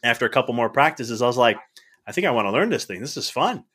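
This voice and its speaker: A middle-aged man as a podcast guest, telling stories in a casual, animated way, acting out the dialogue with frequent restarts. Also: medium pitch, fast talker, breathy edge. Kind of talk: casual storytelling.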